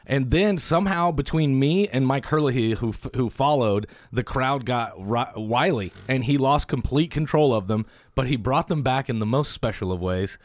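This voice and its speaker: A man's voice: mid-range voice, normal speed, hardly any pauses, dry recording. Podcast host guy, stand-up comic, rambly and laughing a lot, dry close mic. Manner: excitable, laughs often, rambling with fillers. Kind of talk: casual podcast chat. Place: indoor podcast room. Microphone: studio mic, also on camera.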